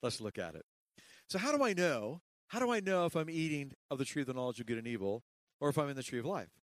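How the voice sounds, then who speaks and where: A middle-aged man preaching a sermon as pastor, swinging between hushed lines and loud, emphatic calls to the congregation. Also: mid-range voice, big pitch swings, quick pace, dry recording.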